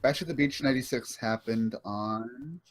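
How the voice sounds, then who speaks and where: Young male podcast co-host, relaxed and profane, laughs easily. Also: medium pitch, normal speed, slight background noise. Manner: laughing, profane, playfully quoting wrestlers. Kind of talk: casual chat.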